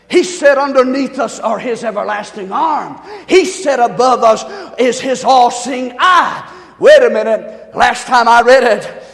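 A male pastor preaching a sermon to his congregation, swinging from quiet, hushed lines to loud shouting. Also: very high voice, vocal fry, long reverb tail. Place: large church.

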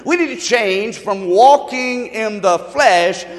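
A man's voice: high-pitched, animated, slow, in a large hall. A man preaching a sermon as pastor, telling a folksy story with emphatic delivery.

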